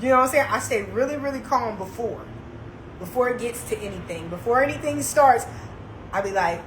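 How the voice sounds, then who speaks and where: A young woman with a high, bright voice spins a casual, slangy story for her live viewers. Her delivery swings from calm asides to heated bursts. The sound rings in an echoey room, with faint noise underneath. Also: a little fast. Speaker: live streamer.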